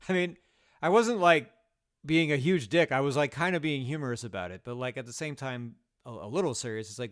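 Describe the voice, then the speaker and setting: A man telling poker stories in a casual vlog, swearing often and quick to rant in exasperation. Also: medium pitch. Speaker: poker player.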